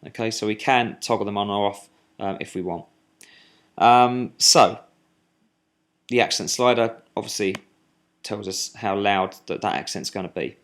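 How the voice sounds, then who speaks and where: A man's voice: fairly low pitch, a bit bright. Man walking through a drum sequencer. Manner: talks while clicking, halting with fillers and restarts. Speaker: music software instructor. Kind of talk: screen-recorded software tutorial.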